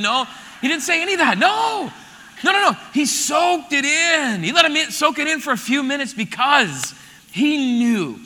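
A man in his thirties preaching an animated, joking sermon to a congregation in a church auditorium. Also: very high voice, normal speed, long reverb tail. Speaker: pastor.

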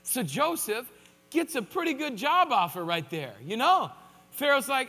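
A man's voice: extremely high pitch, very animated, measured pace, pushed and bright, big-room sound. A man preaching a sermon in a conversational way, with joking asides. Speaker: pastor.

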